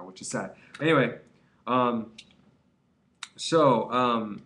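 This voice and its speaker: A young man with an ordinary mid-pitched voice gives casual advice straight to camera. He rambles and pushes his points hard, stumbling through fillers and restarted sentences. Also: fairly bright tone. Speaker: vlogger giving quit-weed advice. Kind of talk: casual advice vlog monologue.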